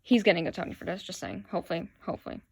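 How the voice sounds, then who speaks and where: A woman's voice: on the low side, very fast, darkish tone, breathy edge. A woman chatting casually into her phone, gushing with fan enthusiasm as she shows off her collection. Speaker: vlogger showing her playbill collection. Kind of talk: casual chat to camera.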